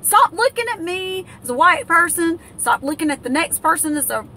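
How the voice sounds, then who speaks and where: A woman's voice: very high-pitched, sing-song, moderate pace, sharp tone, slight background noise. An American woman in an angry, indignant political rant, stumbling over fillers and restarts as she vents. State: livid. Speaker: political vlogger.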